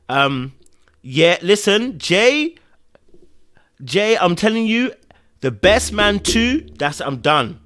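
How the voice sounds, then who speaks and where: A man hosting a podcast, giving emotional, animated commentary on a TV episode, sighing and swinging between loud bursts and quiet murmurs. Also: on the high side, unhurried, pauses often. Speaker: podcast host reviewing a TV episode.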